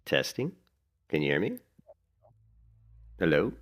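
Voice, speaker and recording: A man's voice: a bass voice, huge pitch swings, takes it slowly. A man chatting casually while playing a game, rambling, laughing often and swearing now and then. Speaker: gaming streamer. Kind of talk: casual gameplay commentary.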